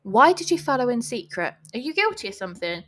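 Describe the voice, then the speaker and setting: A woman voicing a suspicious young male villager with an English accent, firing off sharp accusing questions while reading a story aloud. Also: on the high side, big pitch swings, quick pace.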